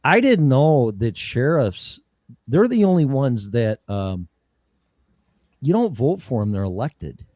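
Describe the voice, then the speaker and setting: A man's voice: mid-range voice, big pitch swings, takes it slowly, a little mellow, dry recording. Guy on a talk show ranting hard, swearing a lot, voice jumping all over, dry close mic. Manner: heated, profane ranting with mocking voices. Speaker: show host.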